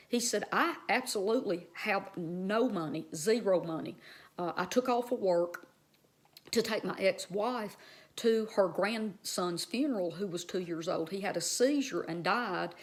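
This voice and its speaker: A woman's voice: mid-range voice, animated, measured pace. A woman vlogger earnestly telling a personal story to her viewers, with many fillers and restarts.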